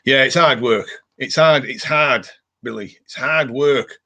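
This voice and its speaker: A man's voice: mid-range voice, a little slow. A middle-aged man hosting a casual home live stream, ranting and reading out viewer comments. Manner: ranting, animated, reads viewer comments aloud.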